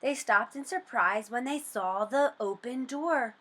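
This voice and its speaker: A woman reading a storybook aloud for children, slow, expressive and sing-song, then asking comprehension questions. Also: fairly high pitch.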